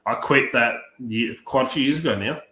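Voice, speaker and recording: A man telling profane, lively stories on a livestream, acting out the other people's lines. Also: mid-range voice, moderate pace. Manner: profane, animated anecdotes acting out other voices. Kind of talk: casual storytelling on a livestream. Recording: roomy echo.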